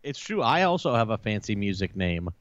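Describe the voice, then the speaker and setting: A man's voice: fairly low pitch, sing-song, brisk, a bit bright, no room sound, muffled recording. A man co-hosting a podcast, bantering and joking, often laughing along. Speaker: podcast co-host. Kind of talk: casual banter.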